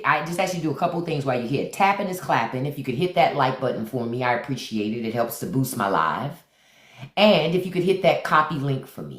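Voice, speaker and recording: A woman hosting a livestream, talking bluntly and preachily, repeating lines for emphasis and greeting viewers by name. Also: very deep voice. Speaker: live stream host. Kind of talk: livestream commentary. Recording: echoey room.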